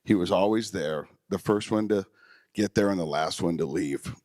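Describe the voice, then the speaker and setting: A man's voice: deep voice, normal speed, no room sound, clean studio sound. A man speaking at a memorial, telling personal stories in an emotional, heartfelt way with occasional fillers. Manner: emotional, warm storytelling with fillers.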